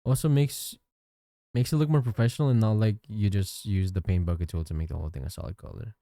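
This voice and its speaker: A livestreaming digital artist chats casually with his viewers as he draws, thanking them with lively ups and downs in his voice. His pitch sits on the low side and he talks fast. The recording is clean studio sound with no room echo.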